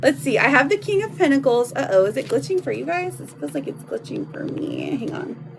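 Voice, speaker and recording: A woman's voice: sits high, huge pitch swings, a little fast, gravelly. A woman in her thirties reading tarot cards on a live stream, chatty and affectionate with her viewers. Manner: chatty, affectionate, laughs often. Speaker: tarot card reader. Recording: noisy home live stream.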